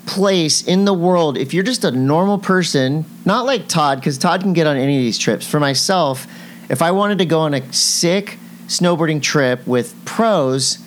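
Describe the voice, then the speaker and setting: A man's voice: on the high side, a little hiss or hum. A middle-aged man co-hosting a podcast, teasing his partner and reading ads in casual chat. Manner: jokey, teasing and quick-witted. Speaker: podcast co-host.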